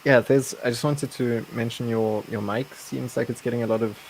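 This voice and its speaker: A man's voice: mid-range voice, fairly even intonation, moderate pace, a little hiss or hum. A man hosting a casual livestream Bible study, easygoing and chuckling, often restarting his sentences.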